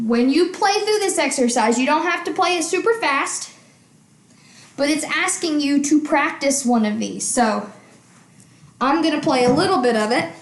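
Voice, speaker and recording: A woman's voice: high voice, roomy sound. A woman music teacher explaining in a casual, chatty way, often checking in with the listener. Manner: chatty, checks in with frequent "okay?". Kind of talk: casual instruction.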